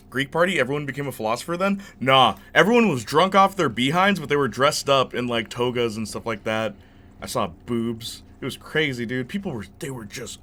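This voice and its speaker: A young man hosting a gaming channel chats and tells rambling stories as he plays, using a bright, forceful voice of medium pitch.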